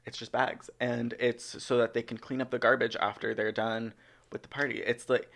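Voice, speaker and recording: Young guy rambling on a podcast, chatty, um after um, middle pitch. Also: little pitch movement, moderate pace, vocal fry, fairly bright tone. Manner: chatty, rambling with many ums. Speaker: podcast co-host. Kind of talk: casual chat. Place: podcast studio.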